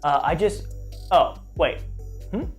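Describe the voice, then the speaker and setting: A man's voice: a little high, slow pace, soft background music. A man hosting a live trivia game stream, chatty and self-mocking, stumbling over place names as he reads the questions.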